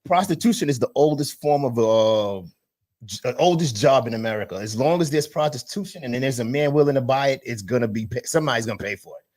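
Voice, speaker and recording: A man's voice: mid-range voice, animated, fast talker, darkish tone. A man with a New York accent, a guest in casual chat, joking and loose, restarting his sentences.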